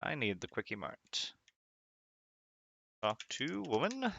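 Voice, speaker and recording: Gravelly, bright-toned man playing a retro game. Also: mid-range voice, huge pitch swings, slow pace, long pauses, dry recording, muffled recording. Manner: reads game text aloud and laughs often. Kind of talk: casual game commentary.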